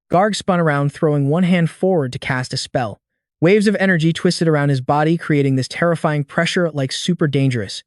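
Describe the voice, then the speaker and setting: A man's voice: on the high side, brisk, dry recording, studio quality. A man narrating a comic recap in a scripted, slangy and dramatic storytelling manner.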